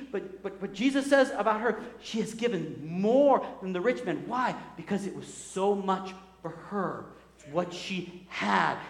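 Man, pastor, sermon, high voice, animated, long echo of a big hall. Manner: animated preaching, acts out quoted voices. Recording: echoey hall.

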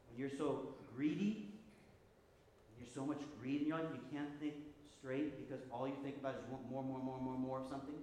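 A man preaching a sermon as pastor, animated, with frequent restarts and repeated words. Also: a little high, slight background noise. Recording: echoey hall with long reverb.

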